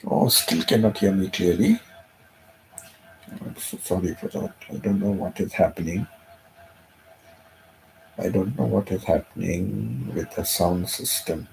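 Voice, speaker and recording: Male host, deep and gravelly, hushed and heartfelt, home live stream with faint background hiss. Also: unhurried, long pauses, poor audio. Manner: soft-spoken, repeats himself, emotional. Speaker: channel host.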